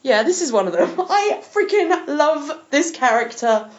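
A woman's voice: sits high, very animated, measured pace, highs cut off. A woman hosting a podcast, chatting with enthusiasm and laughing often. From England. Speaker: podcast host. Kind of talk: casual chat.

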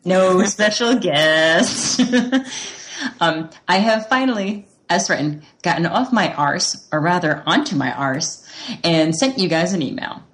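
A woman's voice: on the low side, lively intonation, a little slow. A woman co-hosting a podcast, reading a listener email aloud with frequent giggles. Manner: giggly, reads with frequent laughs. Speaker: podcast co-host.

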